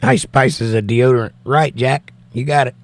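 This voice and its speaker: A man at medium pitch, speaking at normal speed in a steady tone, runs a livestream. He reads viewer comments out loud and chats about them casually and wryly.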